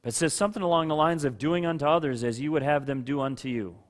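A fairly high-pitched man talks at a quick pace as he preaches. He's an adult pastor with children, keeping the sermon conversational by addressing listeners by name and now and then raising his voice loudly for rhetorical effect.

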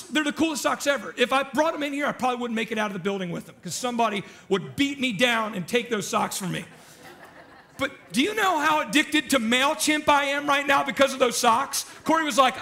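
A male pastor preaching in a relaxed, conversational way, with a very high voice for a man. He jokes and keeps asking the congregation questions. His tone is bright and forceful. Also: brisk, gravelly. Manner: chatty, joking, asks the congregation questions. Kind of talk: casual sermon.

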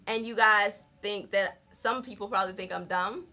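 Talking casually to camera in her home vlog, this young rural Southern woman is chatty and candid, with a Southern American accent, frequent laughs and plenty of y'all. Her mid-range voice has a sharp tone and a normal speed.

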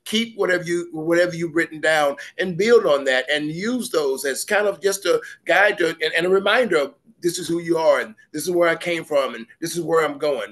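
A man leading a workshop, lively and encouraging, repeating his phrases. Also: a little high. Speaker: workshop presenter. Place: conference workshop room.

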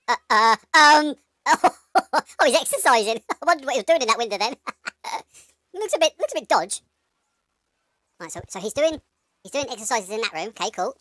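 A woman plays through a game and narrates every move to herself, swearing freely and reacting loudly to each surprise. Her voice sits high and swoops all over, with a bright, sharp edge. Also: moderate pace, pauses often, no echo, clean studio sound. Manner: excitable, swears a lot, talks to herself, yelps and laughs. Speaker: gamer playing a horror game. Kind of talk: swearing, laughing let's-play commentary.

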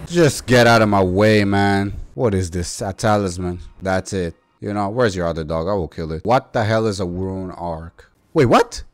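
A young man giving casual gameplay commentary as a YouTuber, excitable and slangy, yelping and talking back to enemies. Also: low voice, moderate pace, few pauses. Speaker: gaming YouTuber.

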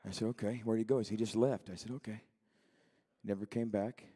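A man in his thirties preaching a sermon in a church, moving between quiet storytelling and shouted, fervent preaching. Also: on the low side, fairly even intonation, a little fast, breathy edge. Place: church sanctuary.

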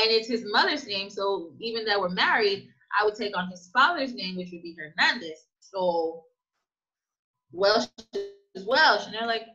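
On a dull-sounding recording, a woman guest who owns a business as an immigrant talks at normal speed in a slightly high voice. During the conversational interview she tells stories emphatically, animatedly acting out what people said.

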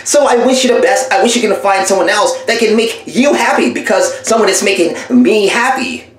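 A woman's voice: medium pitch, expressive, normal speed, close to an everyday voice. A woman playing a smug young boyfriend in a comedy voiceover skit, taunting and dismissive as he breaks up with his girlfriend. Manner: taunting, dismissive, repeats a catchphrase. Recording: very echoey room.

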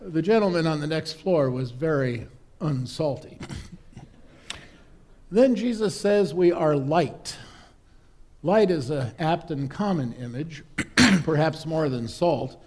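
A man's voice: a little high, expressive, slow, long pauses, darkish tone. Man preaching a conversational sermon. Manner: conversational, humorous, storytelling. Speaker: priest. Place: church.

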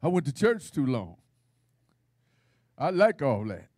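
A man's voice: a little high, sing-song, measured pace, darkish tone, no echo, clean studio sound. A man preaching at a Bible study in a folksy, playful style, with call-and-response and laughter. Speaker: pastor.

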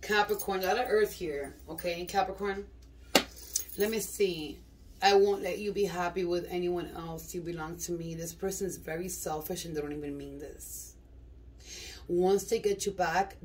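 A fairly low-voiced woman talks through a casual tarot reading in blunt, slangy, profane bursts, rambling from thought to thought. She sits well back from the mic. Clicks and steady background noise run under her voice. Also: recorded from a distance. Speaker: tarot reader.

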